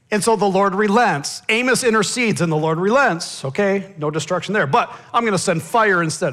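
Fervent American pastor preaching. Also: male voice, sits high, normal speed, few pauses. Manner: dramatic shifts between loud pleading and hushed asides. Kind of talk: sermon. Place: church sanctuary.

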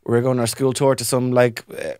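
A young Irish man in casual podcast chat. He tells animated childhood stories and plays every part himself. His voice sits at an everyday pitch in a dry, close studio sound. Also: fast talker, clean tone, dry recording. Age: young adult. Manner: animated anecdotes, acts out other voices. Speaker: comedy podcast co-host.

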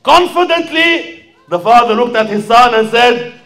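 Speaking at a measured pace in an extremely high, expressive, slightly bright voice, a Sydney man preaches a passionate fundraising sermon. He calls out to the crowd and acts out a story as he goes.

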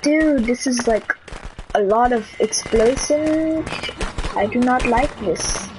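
A woman's voice: fairly high pitch, slow, noisy background. A woman streaming a game live, chatting playfully and teasing other players as she plays. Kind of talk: live gameplay commentary. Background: game music.

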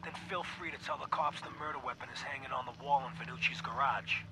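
A man's voice: medium pitch, quick pace, very noisy, close to an everyday voice. An actor playing a scheming male mob boss, talking smugly and menacingly in a recorded game audio log. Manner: smug, menacing.

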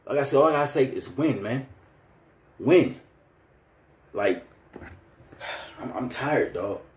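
A fired-up man in his thirties goes on a heated fan rant, loose and slangy. His Philly is clear, and his mid-pitched voice rings in an echoey room. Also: expressive, takes it slowly, darkish tone. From Philadelphia. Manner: heated, ranting, street slang. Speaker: vlogger.

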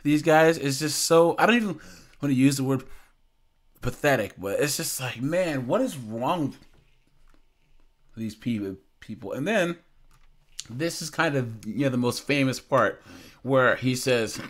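A man's voice: medium pitch, animated, a little slow, pauses often. A young man hosting a casual reaction commentary, amused and incredulous, often laughing as he reads out chat logs. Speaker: commentary channel host.

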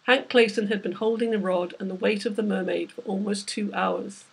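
A woman's voice: medium pitch, steady tone, moderate pace, creaky, husky. A woman, the author, reading aloud from her novel with vivid, dramatic storytelling. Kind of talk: literary reading.

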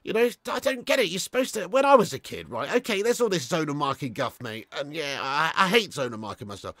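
A man hosting a live football watch-along, swearing freely, swinging between shouts and low mutters, and reading out viewer messages. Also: very animated, fast, hardly any pauses, dry recording, clean studio sound.

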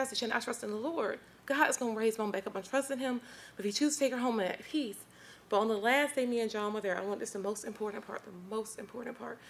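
A woman with a high voice gives an emotional testimony before a church congregation. She talks to them directly, earnest and heartfelt throughout. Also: vocal fry, a little hiss or hum. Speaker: church member giving testimony.

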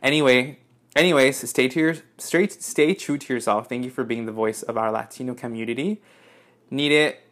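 Excitable young man, swearing and squealing. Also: moderate pace. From United States. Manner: excitable, swears a lot, squeals high when delighted. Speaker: YouTuber opening fan mail. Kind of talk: casual unboxing vlog. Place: indoors at home, apartment.

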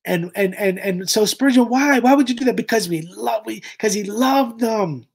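A man's voice: sits high, normal speed, creaky, husky. A man hosts a reaction commentary in a fervent, preaching manner. He talks directly to his audience and pushes each point hard. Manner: impassioned, preachy, addresses listeners as "y'all". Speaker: commentary host.

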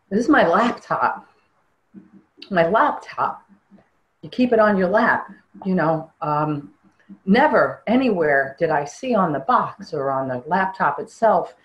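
In an interview, an older woman with a fairly low voice earnestly recounts her personal testimony, halting and frequently starting sentences over. The audio sounds dull.

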